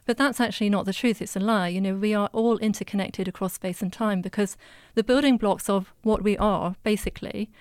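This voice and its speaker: Woman guest, smooth clear voice, calm and earnest, dry close sound. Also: mid-range voice, a little fast, hardly any pauses, dry recording. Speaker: animal communicator guest. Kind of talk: casual chat.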